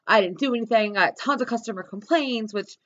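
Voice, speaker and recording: A woman's voice: fairly high pitch, fast, a bit bright, dull audio. A woman from South Jersey ranting profanely and bluntly in a vlog, talking from her car. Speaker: vlogger. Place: car with dogs.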